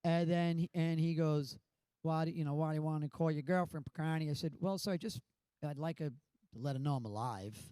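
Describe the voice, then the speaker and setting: Animated high-voiced male storyteller. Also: fairly quick, clean tone, dry recording. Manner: animated storyteller, laughs often. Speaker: panel guest. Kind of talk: anecdote on a panel.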